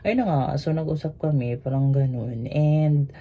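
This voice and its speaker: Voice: mid-range voice, fairly even intonation, moderate pace. A speaker from the Philippines with a Filipino accent, a cruise ship crew member telling a story in a rambling, casual way full of fillers. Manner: rambling, mixes Tagalog and English, many fillers. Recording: dull lo-fi sound with faint hiss.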